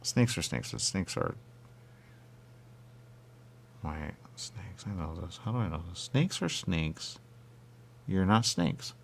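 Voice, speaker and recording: A man's voice: expressive, takes it slowly, vocal fry, pauses often, slight background noise. A man in absurd comedic banter, arguing in goofy circles. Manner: goofy, circular arguing with big pitch jumps.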